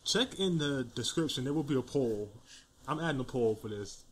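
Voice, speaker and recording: A man's voice: mid-range voice, expressive, moderate pace. A man co-hosting a podcast from home on a desk mic, joking around playfully in casual chat. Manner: goofy, playful. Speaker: podcast co-host. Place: home room.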